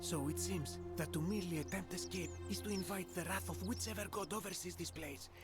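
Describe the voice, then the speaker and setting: A man's voice: high-pitched, a little fast, over loud music, lightly acted. A man voicing a formal, philosophical Greek townsman in an ancient Roman city, in a video game. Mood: grave. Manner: stately, formal, quotes old sages. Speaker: game character.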